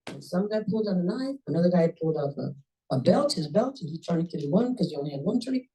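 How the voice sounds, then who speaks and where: A woman at a club meeting telling a personal story in a lively, conversational way, often jumping up in pitch for emphasis. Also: fast. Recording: voice a bit distant from the mic.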